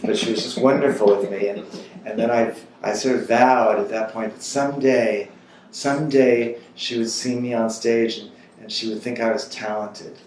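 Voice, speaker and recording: A man in his sixties being interviewed for an oral history, telling an anecdote with lively, acted-out quotes. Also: fairly low pitch, normal speed. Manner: animated anecdotal storyteller who acts out quotes. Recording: roomy echo with faint ambient noise.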